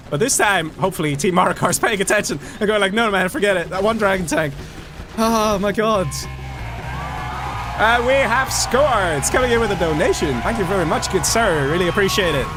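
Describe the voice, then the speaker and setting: Excitable man casting a strategy game. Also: sits high. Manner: excitable, chatty, jokey asides to chat. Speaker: game caster. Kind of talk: live strategy game commentary.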